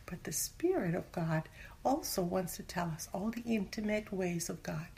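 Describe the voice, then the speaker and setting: A woman's voice: lowish voice, animated, moderate pace, gravelly, darkish tone. A woman giving a casual Bible teaching in conversation, earnest, sometimes dropping to a whisper for emphasis. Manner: acts out everyday voices when quoting. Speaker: Christian teacher.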